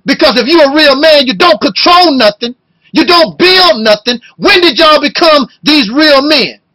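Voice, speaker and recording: A man in his fifties delivering an impassioned video rant, talking loud and emotional and firing off rhetorical questions. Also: very high voice, animated, normal speed, poor audio. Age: 50s. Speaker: video blogger.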